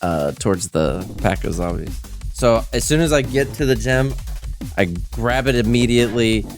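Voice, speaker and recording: A man playing in a tabletop game, excitedly describing his character's actions. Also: mid-range voice, moderate pace, soft background music. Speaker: player. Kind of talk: casual tabletop role-play.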